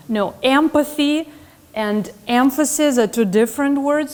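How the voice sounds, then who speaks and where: Lady teaching a class, highish voice, lots of um's. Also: normal speed, darkish tone. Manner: earnest, with frequent "um" and self-corrections. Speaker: instructor. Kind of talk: classroom lecture.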